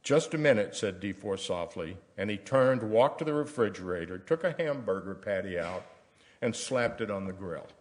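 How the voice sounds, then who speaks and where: An older man from Tennessee, reading a personal letter aloud at a church service in a measured, storytelling way. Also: low-pitched, expressive. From Tennessee, US South.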